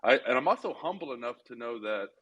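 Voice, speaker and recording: This man co-hosts a casual podcast and talks earnestly, thinking aloud with frequent fillers. His voice is slightly husky. His pitch sits in the middle range for a man. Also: expressive, fast talker, fairly bright tone, low-quality recording. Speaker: podcast co-host.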